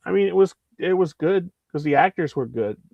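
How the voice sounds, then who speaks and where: A man's voice: high voice, fairly quick, vocal fry, dry recording. Rambling Philly man in his fifties. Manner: rambling, animated, restarts often. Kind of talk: casual film chat. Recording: dull lo-fi stream audio.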